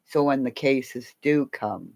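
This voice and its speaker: A middle-aged woman chatting on a livestream. She talks slowly, and her pitch swings widely as she laughs and jokes with viewers. Her manner is playful and warm toward her audience. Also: animated, vocal fry. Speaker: livestream host. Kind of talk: casual livestream chat.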